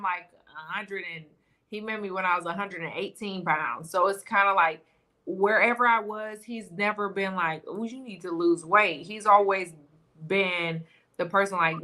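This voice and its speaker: A woman's voice: mid-range voice, pushed and bright. A woman guest on a podcast, talking in casual chat in an earnest, reflective way.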